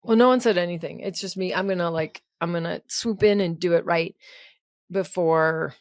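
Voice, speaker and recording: A woman's voice: fairly low pitch, moderate pace, dry recording, clean studio sound. A young woman co-hosting a podcast, telling stories in casual chat, swearing freely and laughing often. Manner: profane, animated storytelling, laughs often. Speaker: podcast co-host.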